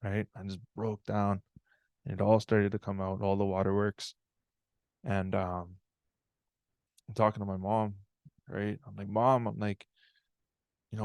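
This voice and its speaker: A man's voice: fairly low pitch, flat delivery, unhurried, creaky, long pauses, a little mellow, no room sound, studio quality. A man giving a live online talk, telling a personal story in an earnest, reflective way and often checking in with "right?".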